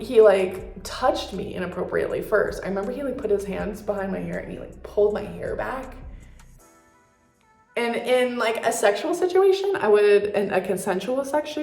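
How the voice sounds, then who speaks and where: A woman's voice: mid-range voice, creaky, a little mellow, echoey room. A young woman vlogger telling a story in a candid, profane, casual way with lots of fillers.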